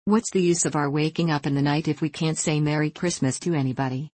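A woman's voice: low voice, fairly even intonation, fast talker, a little mellow, no echo. A woman voicing an impatient, bossy little girl, the older sister, in a storybook reading. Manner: impatient scolding.

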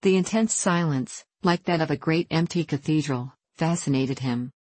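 A woman narrates an audiobook in a calm, measured way. Her voice is very low for a woman, and the recording is dry and close. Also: dry recording.

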